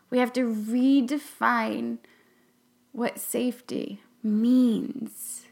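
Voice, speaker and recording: A young adult woman talks slowly through a reflective podcast monologue in a fairly high voice. She speaks earnestly and haltingly, with emotion close to the surface, and now and then sinks into a whisper to stress a point. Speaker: podcast host and class facilitator.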